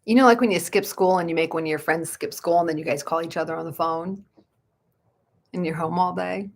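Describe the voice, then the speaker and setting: Reiki lady chatting on a late night stream at home, raspy low voice, baby-talks her dogs. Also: fairly quick. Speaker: Reiki practitioner. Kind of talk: casual livestream chat.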